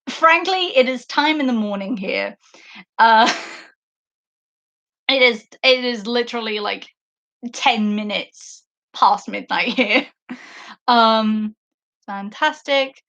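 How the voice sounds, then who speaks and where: A woman's voice: a little high, takes it slowly, pauses often, fairly bright tone. A young woman hosting a podcast live stream, chatting casually and enthusiastically in a rambling way, full of fillers, on a basic microphone. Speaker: podcast host. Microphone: basic makeshift microphone.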